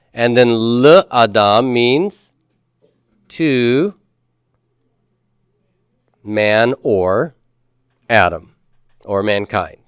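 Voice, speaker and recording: A male teacher talking a class through Hebrew grammar, patient and plain, with the odd dry joke. His voice is smooth and resonant. The sound is dry and close, with no room echo. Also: fairly low pitch. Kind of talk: classroom lecture.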